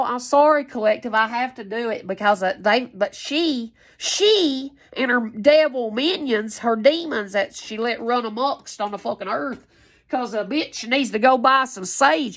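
An angry woman, ranting at her viewers in a heated, profane, confrontational way. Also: fairly high pitch. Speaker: tarot reader vlogger.

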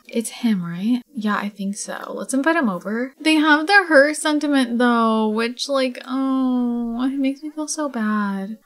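A young woman hosting a casual let's play, chatting and reacting out loud as she plays, sometimes dropping into a whisper. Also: a little high. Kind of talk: casual gameplay commentary.

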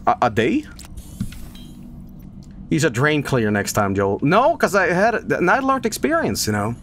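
A young man, a game streamer, telling a rambling story at home on a desk mic, animated and laughing, with swearing and sudden loud outbursts. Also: on the high side, unhurried, a little hiss or hum. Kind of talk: casual storytelling on a live stream. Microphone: desk microphone.

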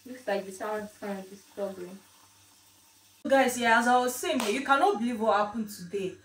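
A woman's voice: fairly high pitch, normal speed, slight background noise. Chatty woman in an echoey kitchen. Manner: chatty, animated storytelling, repeats herself. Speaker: vlogger. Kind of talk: casual vlog chat. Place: home kitchen. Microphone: phone camera. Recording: echoey room, mic at a distance.

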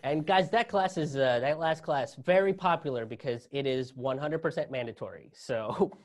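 A man's voice: fairly high pitch, moderate pace. A male comedian hosting a political commentary show, sarcastic and laughing at his own jokes. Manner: self-promoting sign-off read. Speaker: comedian host.

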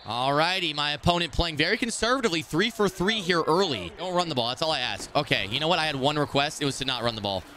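A man streaming a football video game, commenting live in a brash, excitable, trash-talking way. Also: on the high side, quick pace, hardly any pauses, slight background noise.

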